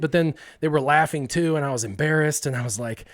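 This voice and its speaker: A man hosting a stream, casually telling a story to his live chat in an animated way, acting out the voices of the people in it and using many fillers like "um" and "like". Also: on the high side, quick pace. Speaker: streamer host.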